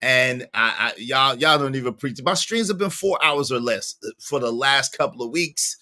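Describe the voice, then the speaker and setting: A man hosting a casual livestream, greeting viewers by name, with sudden jumps into squeaky high tones. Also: moderate pace, bright, forceful tone. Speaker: livestream host.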